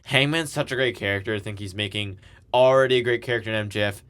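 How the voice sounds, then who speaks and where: A male podcast co-host casually recaps events, rambling with lots of fillers, restarts, and laughs. His fairly low voice is smooth and a bit bright, and he talks fast.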